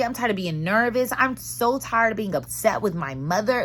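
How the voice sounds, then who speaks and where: Lively candid woman vlogging from a car. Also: medium pitch, brisk, hardly any pauses. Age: 30s. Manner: candid, dramatic, animated storytelling with slang. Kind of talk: casual chat.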